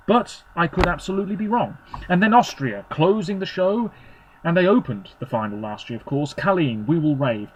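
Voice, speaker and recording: A man giving opinionated solo commentary, chatty and sarcastic, with quick verdicts in short clipped phrases. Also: a little high, a little hiss or hum, poor audio. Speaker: Eurovision commentator.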